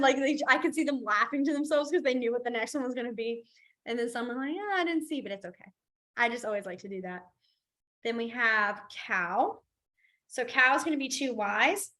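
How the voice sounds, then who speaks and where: A woman teaching a beginners' sign language class, chatty and self-deprecating, slowly repeating each word as she demonstrates. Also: fairly high pitch, fairly bright tone. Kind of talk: live class instruction. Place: library classroom.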